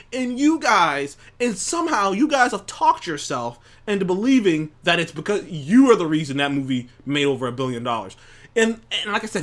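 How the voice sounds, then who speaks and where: A man's voice: sits high, fairly bright tone. A man hosting a show, ranting angrily and profanely into a studio mic, with many restarts. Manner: angry, profane, rambling with restarts. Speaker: show host. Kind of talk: heated opinion rant.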